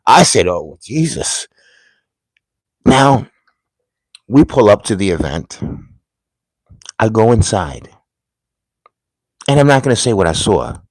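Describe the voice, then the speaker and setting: A man's voice: lowish voice, very animated, measured pace, pauses often, a little mellow, no echo, poor audio. A man from the United States giving a casual commentary monologue, telling rambling, emphatic stories.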